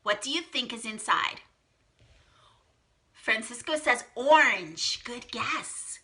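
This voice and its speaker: Bright, lively woman teaching phonics. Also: a little high, slow. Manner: bubbly, encouraging, reads out children's guesses with excited gasps. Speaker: teacher hosting a live online lesson. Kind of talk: live-streamed phonics lesson for young children.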